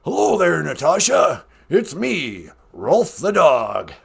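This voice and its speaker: A man voicing a laid-back male dog calling in to a show, folksy and drawling, with a gravelly, raspy voice. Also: fairly high pitch, huge pitch swings, slow, a bit bright, heavily acted. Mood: relaxed. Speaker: caller.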